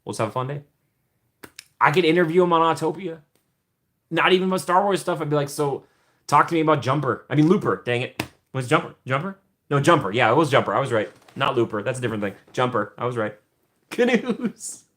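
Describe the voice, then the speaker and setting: A man's voice: medium pitch, fast, fairly bright tone, slight background noise. A young man hosting a casual livestream from home, chatting with viewers in a rambling way, laughing often and trailing off. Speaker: livestream host.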